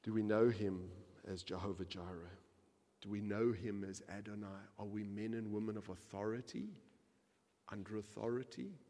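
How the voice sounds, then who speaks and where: A man preaching a sermon as pastor, reading scripture aloud and swinging from quiet, measured reading to loud, impassioned preaching. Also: on the low side, steady tone, big-room sound.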